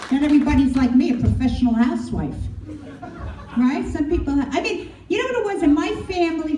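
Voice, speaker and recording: A woman's voice: high voice, noisy background. A middle-aged woman doing a brash, crude stand-up comedy set. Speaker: stand-up comic. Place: comedy club. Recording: echoey club from a distance. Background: audience laughing.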